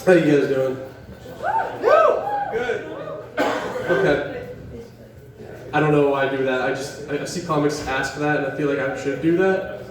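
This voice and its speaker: A man's voice: on the high side, big pitch swings, a little slow, long pauses, background noise. A young man from West Virginia doing a stand-up set at an open mic in a coffee shop, rambling, profane and self-deprecating as he riffs with the crowd. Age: young adult. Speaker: stand-up comedian. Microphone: camera set up in the room. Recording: echoey room, mic far from the stage. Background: audience laughing.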